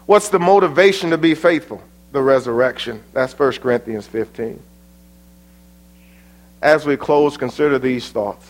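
A man preaching a sermon, rising to loud, fervent exhortation and then dropping to a hushed, quiet delivery. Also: fairly high pitch.

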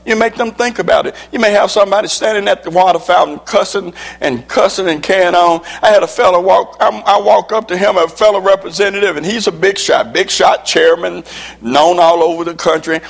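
A preacher who is also a legislator delivers a motivational speech to an audience with slides, his fairly high voice showing vocal fry. He uses an emphatic preaching cadence and repeats key lines.

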